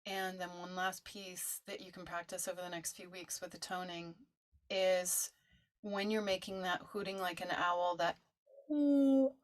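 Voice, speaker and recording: A woman teaching a vocal toning practice, talking listeners through it in a gentle coaching way and showing the sounds herself. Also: little pitch movement, normal speed. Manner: gentle coaching, demonstrates high owl-like hoo tones. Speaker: meditation teacher. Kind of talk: guided toning instruction.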